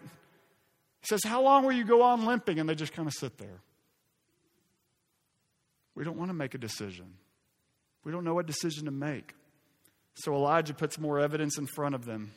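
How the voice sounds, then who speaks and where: A man's voice: a little high, a bit bright, long reverb tail. A man preaching a sermon as pastor, reading scripture dramatically with emphatic asides.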